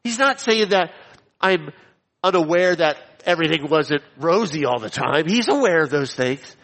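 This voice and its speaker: Male preacher, a bit high-pitched, emphatic and repetitive, recorded with a long hall echo. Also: lively intonation, fairly bright tone. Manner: emphatic, repeats key phrases, slows down for stress. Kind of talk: expository sermon with scripture reading. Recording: long reverb of a large hall.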